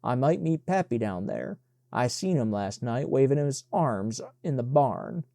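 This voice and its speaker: A man reading the part of a stubborn young boy, bossy and easily scared, in a mellow, dry voice. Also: medium pitch, expressive, unhurried, gravelly, dry recording.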